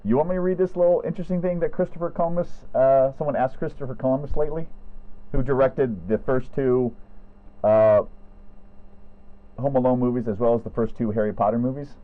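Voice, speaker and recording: A man co-hosting a relaxed movie review, easygoing and quick with a joke. His voice has a middling pitch. The sound is thin and phone-like. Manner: easygoing, jokey, sings snatches of tunes. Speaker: podcast co-host. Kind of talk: casual movie review chat.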